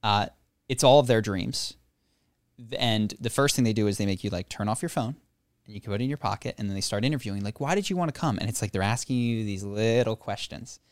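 A man on a podcast telling a personal story in a casual chat, animated, acting out the voices of others and joking at his own expense. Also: fairly low pitch, fairly quick, smooth, dry recording, studio quality. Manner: animated, acts out quoted voices, laughs often; self-deprecating humor.

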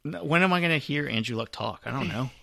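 A man's voice: mid-range voice, lively intonation, fast talker, creaky, fairly bright tone, no echo. A man co-hosting a sports podcast, laid-back with dry humor in casual chat. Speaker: podcast co-host.

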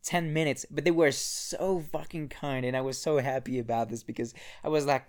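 This is a casual solo podcast monologue by a young man with a mid-range voice who talks briskly with few pauses. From his apartment in the mountains, using his own podcast mic, he rambles, curses, and frequently starts his sentences over.

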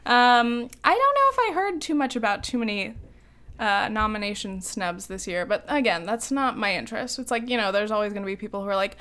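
Brisk and animated, this young woman speaks at a medium pitch with a sharp edge to her tone. She's co-hosting a podcast in relaxed conversation, giggling often and filling her talk with ums and likes.

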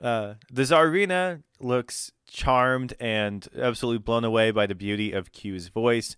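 A man narrating as game master of a tabletop game, halting with fillers and restarts. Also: mid-range voice, fairly bright tone, clean tone, no room sound, clean studio sound.

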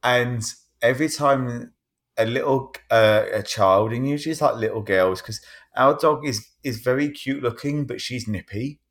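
At normal speed and medium pitch, a man on a podcast panel tells a rambling story during relaxed chat. His retelling is animated, and he performs the quoted voices as he goes.

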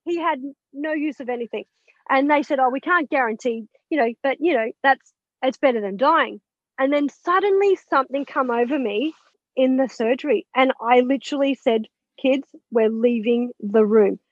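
A woman's voice: high voice, normal speed, dry recording. A woman being interviewed as an author and mentor, telling her story casually and acting out the lines of the people in it, with some blunt swearing. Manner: animated, acts out quoted dialogue, blunt with mild swearing. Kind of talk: conversational storytelling. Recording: dull, dry lo-fi audio.

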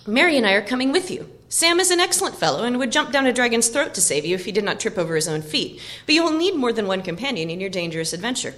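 A woman's voice: fairly high pitch, big pitch swings, fast talker, hardly any pauses, fairly bright tone, voice pushed up. A woman voicing a spirited, determined young male hobbit in an audiobook reading, firm and insistent.

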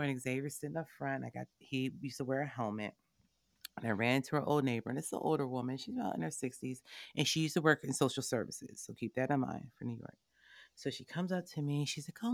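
A woman in her thirties, a board member, telling her family's story in an emphatic, animated way with pointed asides to the listener. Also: a bass voice, fast, creaky, no room sound, clean studio sound. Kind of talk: personal storytelling in a conversation.

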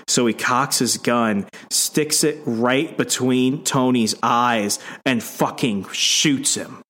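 Man, casual podcast talk, lively comic recap, mid pitch. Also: takes it slowly, few pauses. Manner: animated storytelling with acted-out voices. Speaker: podcast co-host.

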